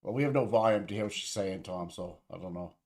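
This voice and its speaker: A man's voice: low voice, fast talker, darkish tone. A man co-hosting a livestream in casual, profane, rambling chat with his viewers. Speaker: livestream co-host.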